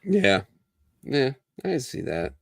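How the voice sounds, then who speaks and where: A man's voice: mid-range voice, big pitch swings, slow, vocal fry, breathy edge, no echo. A man hosting a casual veterans' talk show, swearing freely and acting out the voices in his stories. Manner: profane, storytelling, acts out quoted voices. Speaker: podcast host. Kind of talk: casual bar chat.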